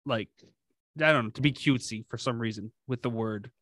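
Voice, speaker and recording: A man's voice: medium pitch, fairly quick, fairly bright tone, dry recording, studio quality. A man in casual, rambling podcast chat, swearing freely and laughing often. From grew up around Guyanese speakers.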